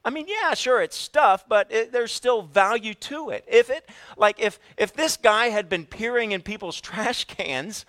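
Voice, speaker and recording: A man preaching a sermon, telling a family story in an animated way and putting questions to the congregation. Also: high-pitched, measured pace, hardly any pauses. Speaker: pastor.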